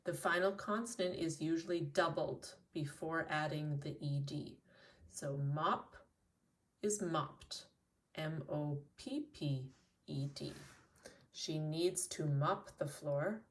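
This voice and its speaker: Slow low-voiced woman teaching English. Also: far from the mic. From Canada. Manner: slow, deliberate repetition of single words. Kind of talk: slow, clearly enunciated English lesson.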